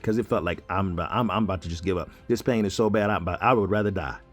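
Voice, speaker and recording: A man casually telling his own story to his audience in an animated, joking, conversational way. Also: low-pitched, fast, faint music behind.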